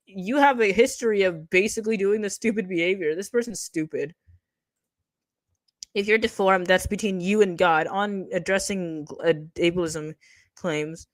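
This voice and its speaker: A woman's voice: lowish voice, dry recording. A woman streamer giving a profane, mocking commentary, reading out posts and picking them apart. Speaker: streamer commenting on online drama. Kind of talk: ranting commentary.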